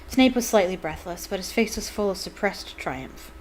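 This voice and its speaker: A woman host reads a novel aloud with an expressive, storytelling delivery. Between passages she breaks off into casual, playful comments. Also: mid-range voice, normal speed, few pauses, a little hiss or hum. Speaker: book reader and channel host.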